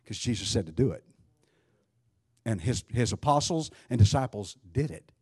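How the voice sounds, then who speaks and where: A man's voice: mid-range voice, lively intonation, normal speed, a little mellow, husky, no echo, clean studio sound. A man preaching a sermon, emphatic, asking rhetorical questions and often restarting his sentences.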